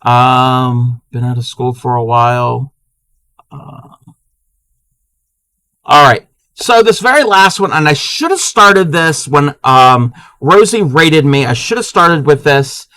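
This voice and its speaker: A man's voice: medium pitch, slow, pushed and bright, clear, resonant tone, dry recording. A man hosting a casual live crafting stream, chatting playfully with viewers and laughing often.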